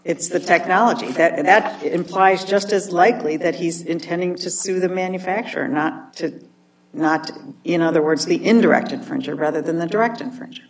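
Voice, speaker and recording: A woman's voice: fairly low pitch, normal speed. A woman judge questioning an attorney in a skeptical, direct way. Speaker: appellate judge. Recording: distant mic with faint noise.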